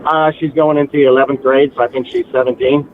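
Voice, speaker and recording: Man, caller, animated storyteller, tinny phone line. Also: medium pitch, fast, faint music behind. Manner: animated storyteller, mimics relatives. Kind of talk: casual phone-in chat.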